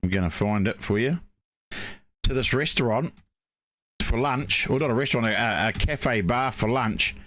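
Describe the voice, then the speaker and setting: A New Zealand man co-hosts a relaxed live racing chat and wanders through his stories with plenty of fillers. His voice sits at a middle pitch, recorded close and dry with no room sound. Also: normal speed, pauses often, no room sound. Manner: rambling, chatty storytelling with many fillers. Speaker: co-host. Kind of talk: casual live-stream chat.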